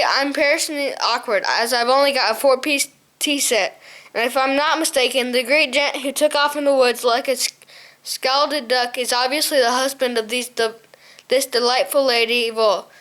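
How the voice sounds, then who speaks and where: Woman voicing a male hare, eccentric, upper-class, jolly banter, high voice, storybook reading. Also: normal speed, a bit bright.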